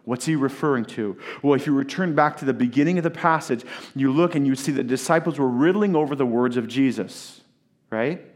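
A middle-aged man preaching a sermon, emphatic, with dramatic pauses and swings from loud to hushed. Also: mid-range voice. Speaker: pastor.

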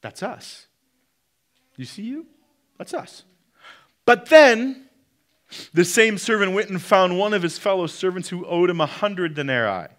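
A man preaching a sermon, swinging between loud peaks and quiet drops, and putting direct questions to the congregation. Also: high voice, expressive, unhurried, pauses often. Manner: preaching with sharp rises and drops in loudness. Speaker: pastor.

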